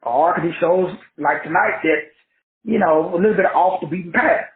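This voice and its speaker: A high-voiced man lectures his class in a preachy, repetitive, colloquial way. The sound is tinny and narrow, as if over a phone line. It rings in an echoey room. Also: moderate pace. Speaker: online teacher and host. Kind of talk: motivational lecture.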